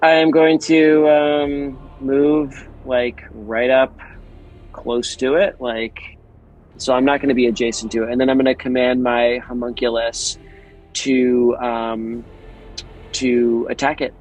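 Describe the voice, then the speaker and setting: A man's voice: mid-range voice, little pitch movement, takes it slowly, darkish tone, soft background music, poor audio. A man playing a tabletop game, speaking hesitantly with many fillers. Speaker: player. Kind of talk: casual tabletop play.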